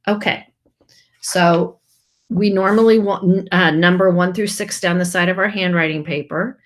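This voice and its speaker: A teacher with a lowish voice dictates a first grade spelling test. She says each word clearly, then repeats it in a sample sentence.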